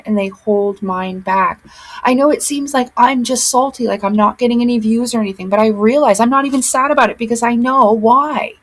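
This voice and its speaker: A woman with a fairly high voice hosts her own commentary vlog channel, speaking earnestly and insistently and often repeating herself for emphasis. The recording is rough.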